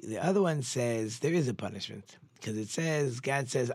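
A man who is a rabbi, giving a Torah lesson in an animated storytelling way, with sudden jumps in pitch and frequent conversational restarts. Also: normal speed, few pauses, no room sound, clean studio sound.

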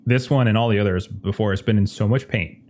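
Low-voiced man running a tabletop game. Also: quick pace. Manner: relaxed, descriptive narration with fillers. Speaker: game master.

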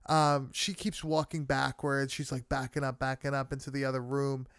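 A man's voice: medium pitch, level tone, moderate pace, fairly bright tone, clear, resonant tone, no echo, studio quality. A man casually recapping a horror film with friends, swearing often and leaning on fillers. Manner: loose, swearing, many fillers.

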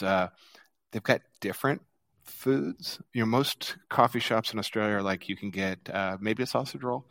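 Podcast co-host, American man, low and dry, rambling and easygoing. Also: a bit bright, no room sound. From United States. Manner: chatty, rambling with fillers and restarts. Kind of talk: casual chat.

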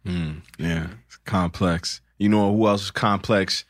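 A man's voice: deep voice, steady tone, unhurried, no room sound, studio quality. A man hosting a casual podcast with friends, playful and joking, hyping himself up with repeated introductions. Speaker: podcast host. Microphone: studio headphones and mic.

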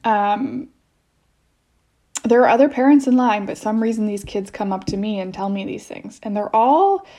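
Rambling mom in her thirties, casual storytelling, average pitch, restarts a lot. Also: animated, moderate pace, warm tone. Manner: rambling, with many restarts and frequent "like". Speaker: mother sharing experiences as podcast guest.

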